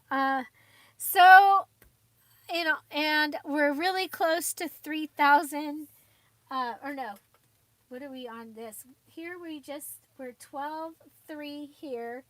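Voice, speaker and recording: A woman's voice: high voice, slow, a bit bright, no echo. A woman hosting a crafting channel, chatting casually and rambling with frequent fillers and little laughs. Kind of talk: casual livestream chat.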